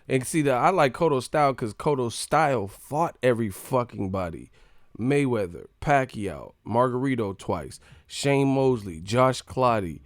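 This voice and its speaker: A man hosting a boxing live stream, ranting in an animated, profane, laughing way. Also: medium pitch, unhurried, dry recording, clean studio sound.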